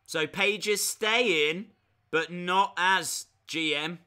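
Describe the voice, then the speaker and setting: A man giving casual live reactions as a streamer, chatty with excitable, jokey asides. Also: sits high, extremely slow, smooth.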